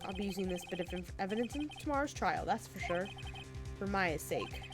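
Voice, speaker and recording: A woman's voice: medium pitch, expressive, brisk, close to an everyday voice. A woman reading the lines of an earnest, determined young male defense lawyer, with video game music playing behind.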